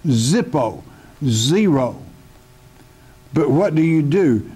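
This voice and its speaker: A man's voice: medium pitch, animated, slow, pauses often, warm tone. A man teaching the Bible verse by verse in a sermon, speaking emphatically and addressing the listener directly as a friend. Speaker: pastor.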